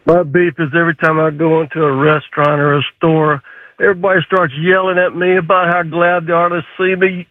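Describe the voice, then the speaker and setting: A man's voice: on the high side, level tone, fairly quick, dry recording. Irritated male caller on a tinny phone line. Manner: irritated, sarcastic complaining. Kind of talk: call-in complaint.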